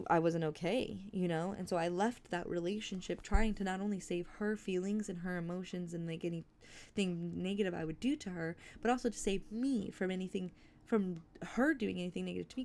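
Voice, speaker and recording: A woman's voice: on the low side, a little fast, creaky, a little mellow. A young adult woman streaming, chatting candidly and rambling, swearing freely between book readings. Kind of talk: casual livestream chat.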